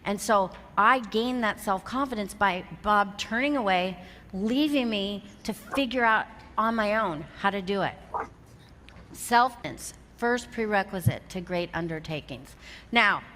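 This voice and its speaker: Woman, 50s, motivational keynote speaker, vivid storyteller with a crisp, bright tone, recorded in a reverberant hall with faint noise. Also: medium pitch. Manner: animated storyteller who acts out quoted dialogue. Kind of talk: storytelling keynote talk to a live audience. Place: large hall with an audience.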